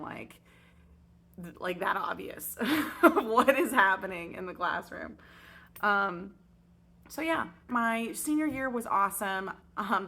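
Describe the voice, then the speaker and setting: Breathy woman telling a story. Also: mid-range voice. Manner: chatty, expressive storytelling with many fillers. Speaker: teacher. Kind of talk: storytime vlog.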